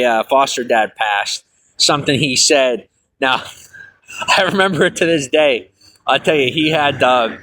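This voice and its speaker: Bright-voiced man rambling on a livestream. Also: slight background noise. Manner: rambling, with frequent fillers and self-corrections; laughs things off, pitch jumps when excited. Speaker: streamer telling his life story. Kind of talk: casual livestream monologue.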